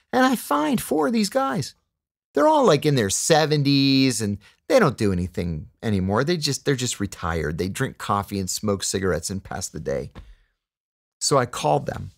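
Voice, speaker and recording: A man's voice: lowish voice, vocal fry, dry recording, clean studio sound. A middle-aged man, a former intelligence officer, telling an anecdote in a podcast interview and acting out the dialogue as he goes. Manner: animated storyteller who acts out quoted dialogue.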